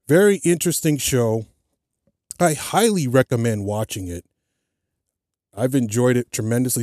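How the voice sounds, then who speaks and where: With studio-quality, dry sound, a man's warm mid-range voice carries his casual solo podcast. He wanders from point to point, restarting himself and using many fillers.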